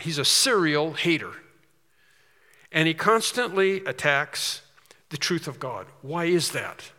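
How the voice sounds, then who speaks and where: Emphatic preacher in a reverberant hall. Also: male voice, a little high, lively intonation, slow pace, bright, forceful tone. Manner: earnest, emphatic preaching with rising stresses. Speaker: pastor. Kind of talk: sermon.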